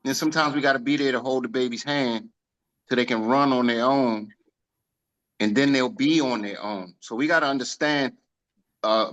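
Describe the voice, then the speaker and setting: A man hosting a motivational sales team call on a video meeting, energetic and folksy, full of homespun comparisons. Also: mid-range voice, muffled recording.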